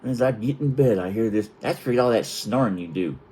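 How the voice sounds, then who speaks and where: A middle-aged man telling a comic personal story in a profane, animated way, acting out the quotes in different voices. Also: lowish voice, fairly quick, slight background noise. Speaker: storytelling vlogger.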